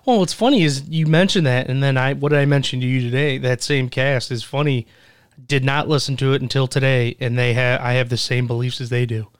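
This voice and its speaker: A man co-hosting a podcast, giving his opinions in a measured but blunt way. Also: mid-range voice, steady tone, clear, resonant tone, no room sound, studio quality. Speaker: podcast co-host. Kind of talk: casual podcast chat.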